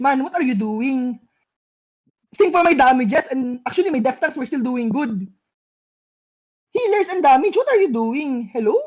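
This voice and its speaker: High-voiced woman barking game orders. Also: darkish tone. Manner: repeats urgent commands, exasperated. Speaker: shotcaller. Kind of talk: calling orders in game voice chat.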